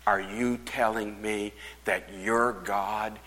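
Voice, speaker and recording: An older male pastor voicing a desperate man who pleads in church, quiet and halting, then loud. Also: lowish voice, fairly even intonation, long reverb tail. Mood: pleading.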